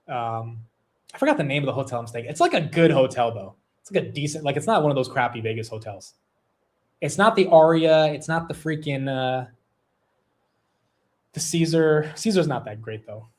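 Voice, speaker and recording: A man's voice: mid-range voice, animated, normal speed. A young man hosting a long livestream, chatting casually, rambling, swearing loosely, and reading out viewer super chats. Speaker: livestream host.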